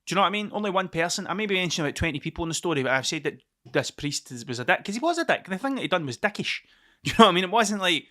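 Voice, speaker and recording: Racing and very animated, a Scottish podcast host speaks in a high-pitched, bright, forceful voice. Alone on the mic, he rambles through a casual monologue, swearing freely and hopping from one point to the next.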